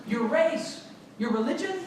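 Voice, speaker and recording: Animated man addressing a school assembly. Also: extremely high pitch, unhurried, recorded from a distance. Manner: energetic, call-and-response with children. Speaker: motivational speaker. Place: school gym or hall. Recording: echoey hall recorded from afar, noisy. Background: children in audience.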